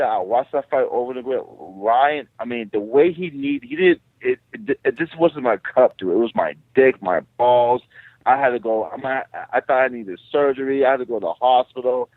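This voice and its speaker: A man who is a guest fighter, telling stories in an animated, profane, casual way. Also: medium pitch, dry recording. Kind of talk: casual interview. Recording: tinny phone line.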